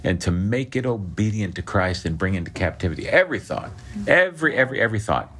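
Low-voiced man preaching casually to a small group. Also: very animated, fast talker, a bit bright, slight background noise. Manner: conversational preaching with restarts and frequent "okay?" checks. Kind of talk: sermon.

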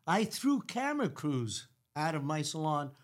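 A man's voice: a little high, sing-song, unhurried. A middle-aged man with a New York Italian accent, a hair stylist telling a story in a brash, profane way and acting out the people he quotes. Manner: brash, profane, acts out quotes with big voices. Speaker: celebrity hair stylist guest. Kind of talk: animated storytelling.

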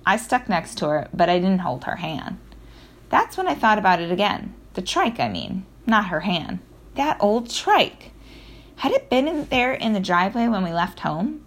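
A woman narrating a children's audiobook in the first person, in a lively storytelling manner with occasional self-corrections. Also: mid-range voice, moderate pace.

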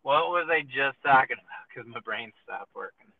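A man's voice: mid-range voice, normal speed. A man hosting a casual podcast chat, rambling through stories and swearing freely. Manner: rambling storyteller, swears freely, acts out quoted voices. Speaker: podcast host. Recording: tinny lo-fi phone-like sound with faint noise.

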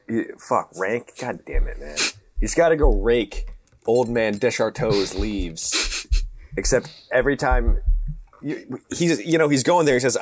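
A man's voice: mid-range voice, very animated, unhurried, no echo. A young man in casual chat, playfully pompous and cursing at his own slips while spinning a comic story.

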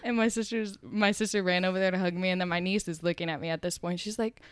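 A young woman chatting casually as a podcast guest, telling a family story with animated acted-out quotes. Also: medium pitch, fairly quick, clear, resonant tone, no room sound, clean studio sound. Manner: animated storyteller who acts out family members' lines. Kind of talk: casual chat.

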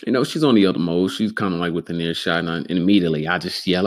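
A man hosting a solo podcast, rambling and cursing freely, sometimes getting excitable. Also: sits low, racing. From Denver, Colorado. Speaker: podcast host. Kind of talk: solo casual podcast monologue.

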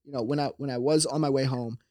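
A young man telling a personal story in a casual, animated way, acting out voices and laughing often. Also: mid-range voice, fast, dry recording, clean studio sound. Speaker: guest telling his story.

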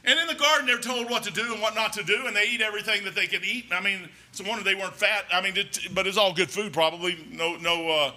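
High, bright-voiced preacher. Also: male voice, fairly even intonation, quick pace, few pauses. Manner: rambling, conversational, emphatic. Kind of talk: folksy sermon. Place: church.

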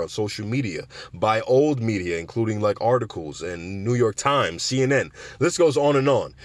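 A man giving casual, sarcastic commentary on cannabis news, animated and often acting out other people's voices. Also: mid-range voice, no room sound.

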